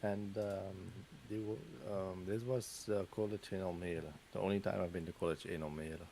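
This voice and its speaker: A Dutch man with a lowish, dark, mellow voice tells rambling stories in casual chat while gaming. He pauses often with fillers and little laughs. A faint hiss of noise sits behind him. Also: fairly even intonation, vocal fry, low-quality recording. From Netherlands. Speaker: Minecraft streamer's guest or co-player.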